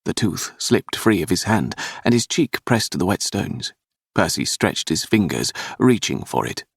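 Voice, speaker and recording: A man with a very low, gravelly voice reads an audiobook dramatically, his pitch rising and falling widely. The sound is husky and dry, close to the mic. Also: unhurried, dry recording. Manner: dramatic, expressive reading. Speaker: audiobook narrator. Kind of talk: scripted audiobook narration.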